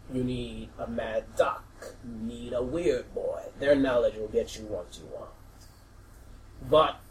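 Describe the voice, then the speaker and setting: A man's voice: recorded from a distance, a little hiss or hum, close to an everyday voice, low-quality recording. Man doing a whispering ancient orc god. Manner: slow, low, half-whispered pronouncements. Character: ominous ancient orc god, huge and menacing.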